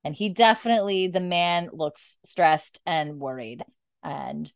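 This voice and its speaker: A woman on a chatty podcast retells scenes from a show, quoting the dialogue in an easy, unhurried way. Her voice sits a bit low, and the recording is dry and close. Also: creaky, dry recording. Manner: recounts dialogue in a flat retelling voice, casual fillers. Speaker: podcast co-host recapping a TV episode. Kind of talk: casual chat, retelling scenes.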